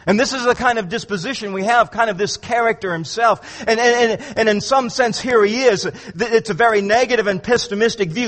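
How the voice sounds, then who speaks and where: A man with a high voice preaches in a large church, his words trailing off in a long hall reverb. He delivers the sermon with emphatic, dramatic swings in pitch and volume, and he stumbles through repeated words as each thought starts. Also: a little fast, hardly any pauses, fairly bright tone. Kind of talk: expository sermon.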